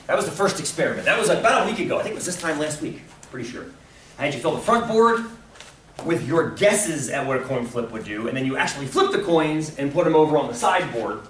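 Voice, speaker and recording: A male teacher giving a casual, animated classroom lecture, encouraging students and asking them questions. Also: a little high, fast, slight background noise. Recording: echoey classroom from far off.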